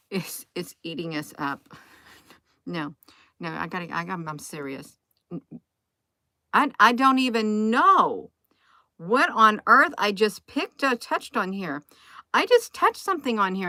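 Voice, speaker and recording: A woman talks into her phone in a loose, rambling vlog, thinking aloud and breaking off to restart her sentences. Her voice sits a little low. The sound is dry and close, with no room echo. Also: sharp tone. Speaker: vlogger.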